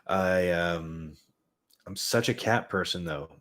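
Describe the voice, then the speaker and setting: A man's voice: sits low, slow, a bit bright. A man hosting a podcast, telling a rambling, self-mocking, profane story in a casual comedic way. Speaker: podcast host.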